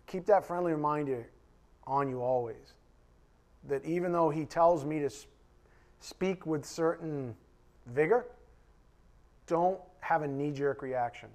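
A male preacher with a somewhat high-pitched voice gives a conversational sermon to his class. He speaks straight to the congregation with blunt, emphatic delivery. He punches key words loudly, then drops into quiet, muttered asides. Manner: emphatic and direct, addressing the congregation. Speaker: preacher teaching a Bible class.

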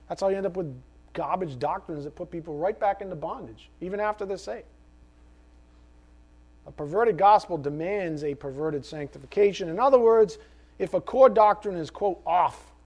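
A man with a high voice preaching to his congregation. He moves between quiet, conversational asides and loud, fervent exhortation. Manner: impassioned, swinging from soft asides to loud exhortation. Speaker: pastor. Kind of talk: sermon.

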